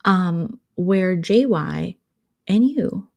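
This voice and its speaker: A woman's voice: fairly low pitch, expressive, extremely slow, creaky, a little mellow. A woman hosting a vlog, chatting casually with a sarcastic, chatty manner. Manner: sarcastic, chatty, tangent-prone. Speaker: vlogger host. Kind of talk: casual gossip commentary.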